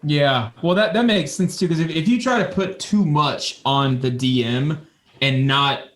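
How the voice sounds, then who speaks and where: Man from Texas, podcast host, casual, slightly high voice, swears freely. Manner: loose, swearing, quick to laugh along.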